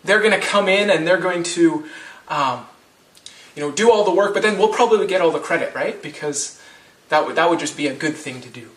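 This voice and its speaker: A man's voice: on the high side, fairly quick, a bit bright, reverberant, far from the mic. A man in his thirties preaching a sermon as pastor, conversational, with frequent restarts and rhetorical questions.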